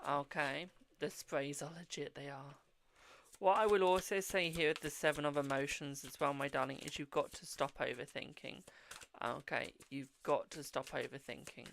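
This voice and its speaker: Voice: medium pitch, creaky, a bit bright, a little hiss or hum. A tired, yawning tarot reader with a British accent, hosting a live-stream reading in a blunt but reassuring way, often saying "okay, my darling".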